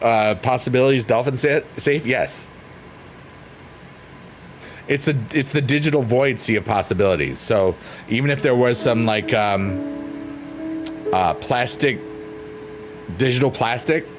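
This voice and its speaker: A man hosting a relaxed livestream, chatting playfully and reading out messages from his viewers. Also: mid-range voice. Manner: playful, silly, rambling, reads chat aloud. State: drained. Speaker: livestream host. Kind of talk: casual chat with live chat readers. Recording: faint piano music underneath.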